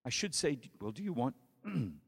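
A male preacher telling a story in a sermon, with dramatic swings from hushed to loud. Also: medium pitch, sing-song, moderate pace, vocal fry, husky, in a large hall.

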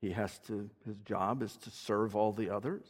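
A man's voice: on the low side, steady tone, moderate pace, breathy edge. Man, preacher, conversational teaching sermon, echoing hall. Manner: conversational, explains Greek words, asks listeners questions. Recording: long hall reverb.

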